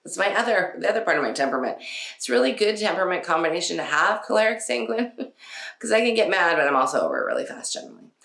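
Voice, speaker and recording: A woman's voice: fairly low pitch, wildly swooping pitch, quick pace, gravelly, a bit bright. A woman hosting a casual parenting talk, chatty, with frequent laughs and many fillers. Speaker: podcast host. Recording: roomy echo.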